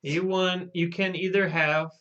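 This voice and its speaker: A man hosting a live stream with casual, deadpan banter. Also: high voice, measured pace, muffled recording. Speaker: host.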